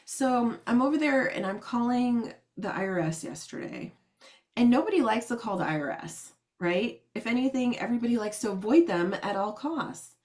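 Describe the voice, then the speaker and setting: A woman chatting casually and telling a story, animated, acting out what people said and laughing often. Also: on the high side, moderate pace.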